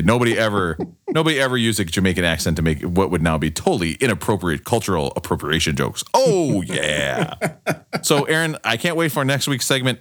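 A man co-hosting a podcast, joking sarcastically in quick banter. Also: low voice, fairly bright tone, no echo, clean studio sound. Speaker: podcast co-host. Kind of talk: casual chat.

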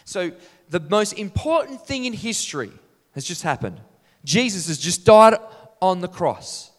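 A man delivers a lively sermon, firing rhetorical questions at his listeners. His voice sits high for a man, and the sound rings out with a long reverb in a church hall. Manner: animated, rhetorical questions to the congregation. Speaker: preacher.

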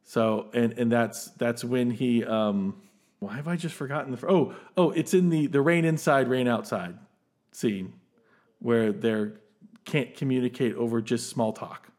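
Podcast host, male; eager, rambling, laughs easily, ordinary middle pitch. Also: a little slow. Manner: animated, enthusiastic, laughs often, many restarts. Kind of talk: casual film discussion.

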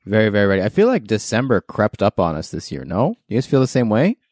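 A man hosts a casual podcast, laid back and joking, breaking into laughs as he talks. His voice sits a little low and sounds dry and close, with no room around it. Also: big pitch swings, fast, a little mellow, no room sound. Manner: laughs often, loose and joking. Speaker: podcast host.

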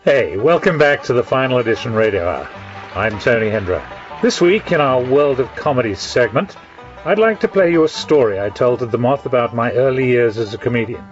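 Man, radio host, wry scripted intro, lo-fi with soft music. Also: mid-range voice, lively intonation, brisk.

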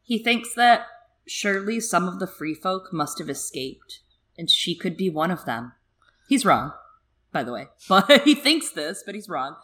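Lower-voiced woman podcast co-host. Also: sing-song, a little slow, fairly bright tone. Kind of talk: casual chat and reading aloud from a book. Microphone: video call.

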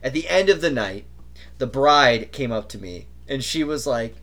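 A young adult man telling stories in casual podcast chat, animated and imitating other people's voices. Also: medium pitch, quick pace. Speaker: podcast co-host.

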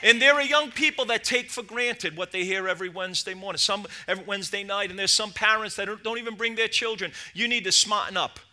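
A man with a strikingly high, piercing voice preaches a fervent sermon. He is middle-aged and swings from low, quiet asides to shouted peaks. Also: quick pace, few pauses. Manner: impassioned, rising to shouts and dropping to low asides. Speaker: lead pastor.

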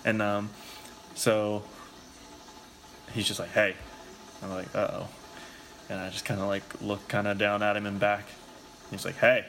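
A man's voice: on the low side, completely flat delivery, normal speed, long pauses, fairly bright tone, a little hiss or hum. A man telling a long story in a rambling, casual way, swearing a lot and filling his talk with "like". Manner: rambling, profane, heavy use of filler "like".

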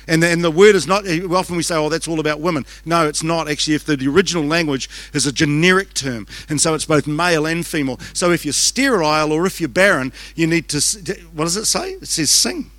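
A man with a New Zealand accent preaching a conference sermon, fast and conversational, joking with the crowd as he goes. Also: a little high, a bit bright, no echo. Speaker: pastor. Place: church auditorium. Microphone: handheld microphone.

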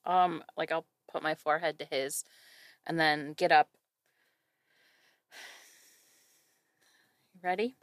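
A woman player in a tabletop game, talking casually and in an animated way. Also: low voice, slow pace, long pauses, dry recording, studio quality. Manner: animated and laughing often.

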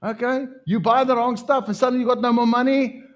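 A middle-aged man preaching a lively sermon as pastor, his voice leaping higher when he gets excited. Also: fast, dull audio. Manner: animated preaching, pitch jumping up when excited.

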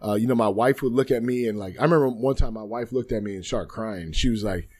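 A man's voice: on the low side, fast, a little mellow, breathy edge. Earnest man telling his story. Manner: earnest, reflective, repeats phrases. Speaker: guest, former football player. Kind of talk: candid interview storytelling. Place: podcast studio.

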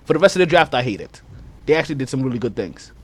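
Animated trash-talking man, lively pitch. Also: rapid-fire, breathy edge. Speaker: podcast host. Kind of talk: casual sports chat.

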